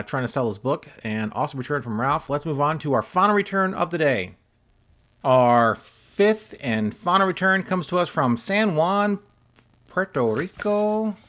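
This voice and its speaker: A man's voice: medium pitch, a bit bright. A man vlogging about his sports card mail, talking casually with lots of filler words and wry, self-deprecating humor. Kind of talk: casual chat while opening mail.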